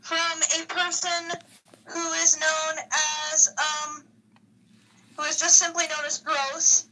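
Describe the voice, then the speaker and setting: A woman's voice: high-pitched, little pitch movement, takes it slowly, bright, forceful tone, far from the mic, a little hiss or hum, rough recording. A woman co-hosting a casual chat, playful, reading out a listener question. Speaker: co-host.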